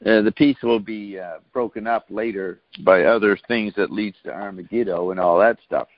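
A man interviewing a guest on a talk show, putting his questions in a halting, hesitant way. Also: lowish voice, steady tone, no echo, dull audio.

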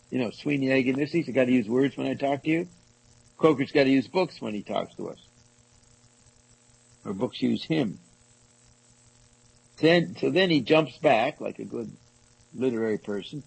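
A man reading passages from a book aloud to a small group and commenting on them, halting and rereading lines as he goes. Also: mid-range voice, creaky, a little mellow, breathy edge, no echo, rough recording. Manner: halting, restarts and rereads passages, asides to listeners. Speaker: discussion leader reading from a book.

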